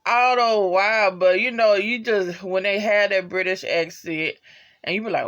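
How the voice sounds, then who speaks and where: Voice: mid-range voice, unhurried, fairly bright tone. A vlogger reviewing a TV episode in casual, slangy chat that wanders and swears freely, with many "you know" asides and laughs at favorite moments. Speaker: TV show reviewer.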